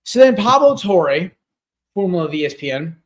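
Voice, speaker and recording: A man's voice: high-pitched, very animated, moderate pace. A man co-hosting a sports podcast over a video call, rambling and chatty with many fillers. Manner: rambling, lots of fillers and restarts. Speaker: podcast co-host. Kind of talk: casual sports chat. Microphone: home setup on a video call.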